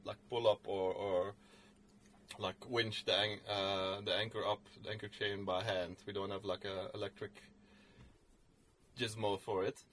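A man's voice: on the low side, level tone, measured pace, fairly bright tone, slight background noise. A man co-hosting a podcast, telling a story in casual chat, rambling with many fillers and restarts. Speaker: podcast co-host.

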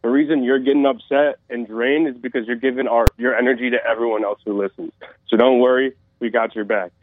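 A man calling in to a radio show, speaking excitedly and gushing with praise. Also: mid-range voice, brisk, no echo. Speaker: caller. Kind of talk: call-in talk. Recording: dry phone-line call.

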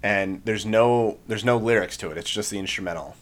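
A young man telling a long story in casual chat, rambling with many fillers and acting out shouted lines. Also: on the low side, fairly quick. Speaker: podcast co-host, Marine veteran.

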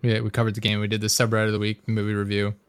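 A man's voice: fairly low pitch, monotone, very fast, smooth, no echo. A man hosting a casual podcast chat, telling stories with many restarts and laughs. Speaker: podcast host.

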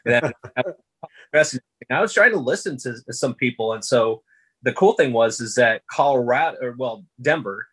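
Husky-voiced man telling stories. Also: medium pitch, unhurried, rough recording. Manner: storytelling, animated impressions of announcers. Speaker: public address announcer. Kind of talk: casual interview talk.

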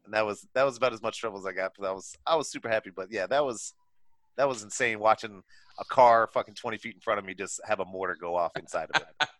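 A man's voice: fairly low pitch, fast talker, a bit bright, dry recording. A young man casually telling a wild story among friends, swearing and laughing as he goes.

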